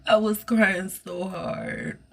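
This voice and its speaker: A woman hosting a podcast, recounting a personal experience in an earnest, emotional monologue with a soft voice. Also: mid-range voice, huge pitch swings, slow pace, gravelly, husky. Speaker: podcast host.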